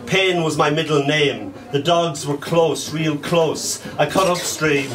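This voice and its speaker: A man reading his own poems aloud at a live poetry night, slow and deliberate, letting line ends fall soft and quiet. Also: a little high. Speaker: poet. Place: small poetry venue with an audience. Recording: distant live recording with audience noise. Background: audience laughing and murmuring.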